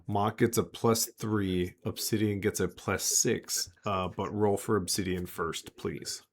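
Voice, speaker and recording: A man's voice: lowish voice, fairly even intonation, a little slow. A man narrating as game master of a tabletop role-playing game, rambling with many fillers. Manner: rambling, full of filler words and restarts.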